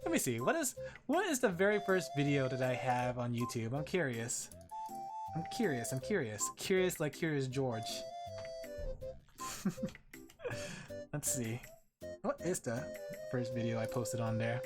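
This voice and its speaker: A woman's voice: a bass voice, very animated, a little slow, pauses often, music in the background. Giggly Australian woman streamer. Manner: playful and giggly, joking dramatically with chat. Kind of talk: casual stream chat with viewers.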